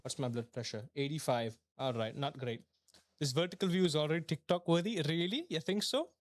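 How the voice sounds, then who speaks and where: High-voiced man ranting while sim racing. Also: fairly quick. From Malaysia. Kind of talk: live gaming stream commentary.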